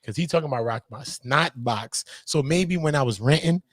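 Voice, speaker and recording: A man in casual podcast chat, ranting in animated slang and laughing often. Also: on the high side, normal speed, no room sound.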